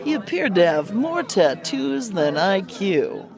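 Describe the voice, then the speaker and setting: A woman narrating a hardboiled comic mystery story in a wry, deadpan, theatrical way. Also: medium pitch, slow, soft background music, some chatter behind.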